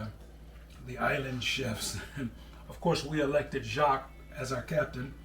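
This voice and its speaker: A middle-aged man chats his way through a home cooking demonstration, folksy and relaxed. His voice sits in an ordinary middle range and is picked up from a little way off the mic in a roomy kitchen with some echo. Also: mid-range voice, far from the mic, noisy background. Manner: chatty, folksy, calls people brother. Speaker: cooking show host.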